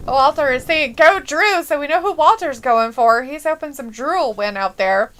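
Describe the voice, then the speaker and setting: A woman's voice: sits high, expressive, unhurried, fairly bright tone, rough recording. A woman co-hosting a live wrestling watch-along in casual chat, laughing often and reading chat comments aloud.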